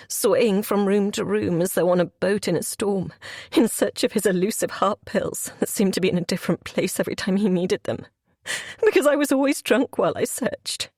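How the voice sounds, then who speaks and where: Breathy woman narrating an audiobook. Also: medium pitch, a little mellow, no room sound, studio quality. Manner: emotional, confessional storytelling. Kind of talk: first-person audiobook narration.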